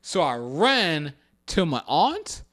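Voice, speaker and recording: A man's voice: fairly high pitch, big pitch swings, takes it slowly, a bit bright. A man in casual podcast chat, slangy and swearing, laughing a lot. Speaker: podcast co-host.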